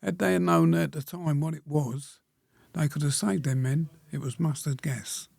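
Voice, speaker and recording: A very old man around a hundred tells stories in a plain, unhurried way. His voice sits a little high and is gravelly, and it is recorded close and dry. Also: fairly even intonation, darkish tone, no echo. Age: 100. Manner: plain-spoken, slow storytelling, frequent pauses and throat-clearing. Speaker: guest, war veteran. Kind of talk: reminiscing interview answers.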